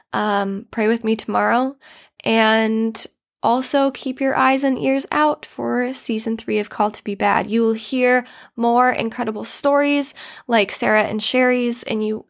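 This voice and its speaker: A woman's voice: on the high side, gravelly. A woman hosting her podcast solo, talking earnestly and getting emotional as she speaks straight to her listeners. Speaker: podcast host.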